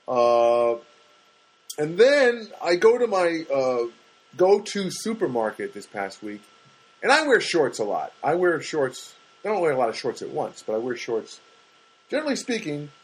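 A man's voice: moderate pace, husky, low-quality recording. A middle-aged man, a stand-up comedian, rambling through a comedic monologue and acting out what people said to him. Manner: animated, acts out quoted voices with big pitch jumps.

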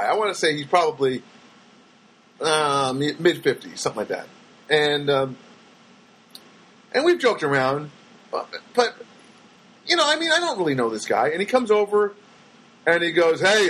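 A man's voice: fairly high pitch, husky, poor audio. A man telling rambling everyday stories in a casual monologue, acting out the voices of people he met. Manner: rambling, animated, acts out voices of people he quotes.

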